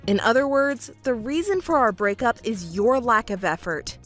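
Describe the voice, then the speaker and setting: A woman acts out a texting story as a conceited young fiancé, scolding his partner in a scornful, condescending tone. Her voice is a little high and a bit bright, moving at a moderate pace with big pitch swings, and soft music plays underneath.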